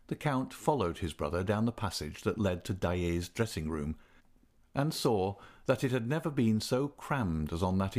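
Lower-voiced man narrating a classic novel. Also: a little mellow. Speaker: audiobook narrator. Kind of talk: reading a classic novel aloud.

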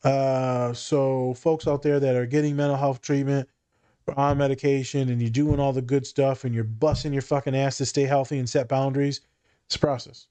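A man's voice: mid-range voice, little pitch movement, normal speed, warm tone, clear, resonant tone. Male therapist-host, frank and foul-mouthed, loose joking delivery. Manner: blunt, profane and joking. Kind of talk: casual podcast chat.

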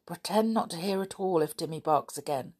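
A woman's voice: fairly low pitch, a little fast, a little mellow, natural voice. A woman reading the part of a cautious child giving an urgent warning.

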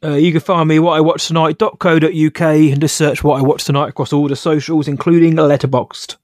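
A man co-hosting a movie podcast, wry and prone to stammering restarts. His voice sits a little high for a man, recorded close and dry. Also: flat delivery, brisk, a little mellow, dry recording. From United Kingdom. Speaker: podcast co-host. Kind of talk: casual podcast chat.

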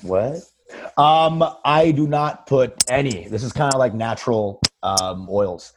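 A man's voice: mid-range voice, a little slow, slight background noise. A young man in a casual comedy podcast chat, crude and riffing, saying dude a lot. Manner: crude, riffs with put-on voices, says dude a lot.

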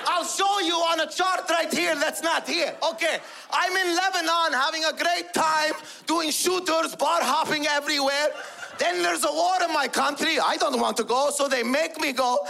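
A man's voice: extremely high pitch, fairly even intonation, normal speed, gravelly, bright, forceful tone, slight background noise, pitched above the performer's own voice, exaggerated voice. Man doing a flustered immigrant dad in broken English. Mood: ranting. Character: flustered older immigrant father from Lebanon.

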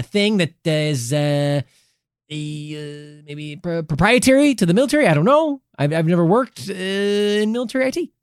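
Cracking jokes, cursing and wandering off track, a man co-hosts a laid-back podcast. His smooth voice sits on the high side, captured at studio quality with no echo.

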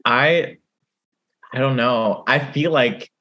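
A podcast co-host in casual book-club chat, making dry, quick quips. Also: mid-range voice, pushed and bright, dull audio.

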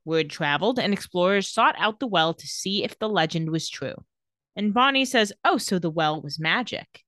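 A woman's voice: lowish voice, expressive, a bit bright, no echo, clean studio sound. A woman co-hosting a podcast, casually retelling a TV episode and lightly acting out the characters' lines. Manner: playful, quick to laugh, acts out quotes lightly. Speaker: podcast co-host recapping a TV episode. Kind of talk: casual chat, retelling scenes.

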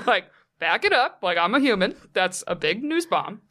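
A woman's voice: mid-range voice, big pitch swings, a little slow, a bit bright. A woman hosting a casual chat who reacts with gasps and asks frank questions.

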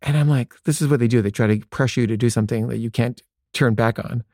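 A man tells a personal story loosely and conversationally, packing it with "like" fillers and acting out bits of dialogue. His mid-range voice is warm and quick-paced, in a dry, studio-quality recording.

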